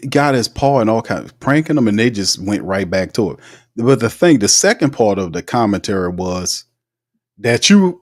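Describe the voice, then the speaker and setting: A man with a fairly low voice hosts a loose live sports talk stream. He reads viewer comments aloud and riffs on them. His delivery is animated and emphatic, full of slang and frequent laughter. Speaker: sports talk show host.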